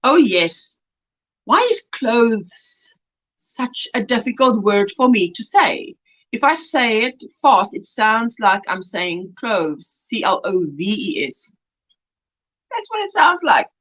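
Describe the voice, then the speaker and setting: A woman's voice: fairly high pitch, sing-song, takes it slowly, low-quality recording. A middle-aged woman with a South African accent hosting a casual crochet livestream, reading out viewer comments and greeting them as sweetheart. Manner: warm-hearted, chatty, greets viewers as sweetheart.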